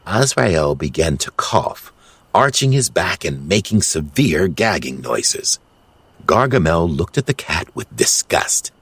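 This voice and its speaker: Slow, husky male storyteller. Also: low-pitched. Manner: measured, expressive reading. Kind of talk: scripted audiobook narration.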